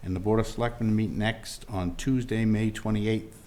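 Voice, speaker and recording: A man's voice: fairly low pitch, fairly even intonation, normal speed, darkish tone. A man, a town official, reading a list of upcoming meetings with dates and times in a plain manner.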